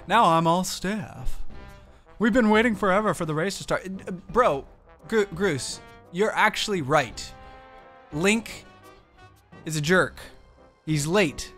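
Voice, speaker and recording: A man's voice: on the high side, gravelly, fairly bright tone, exaggerated voice. A man voicing a brash, boastful teenage bully in a let's-play, reading the game's dialogue in a cocky, taunting way. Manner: cocky, taunting reading of on-screen game text.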